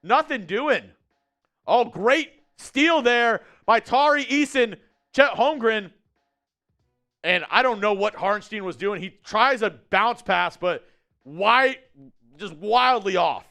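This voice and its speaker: High-voiced excitable male stream host. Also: takes it slowly, soft background music. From Texas. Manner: upbeat and chatty, shouting on big plays. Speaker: live-stream host and play-by-play commentator. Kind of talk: casual live-stream watch-along commentary. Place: studio at company headquarters.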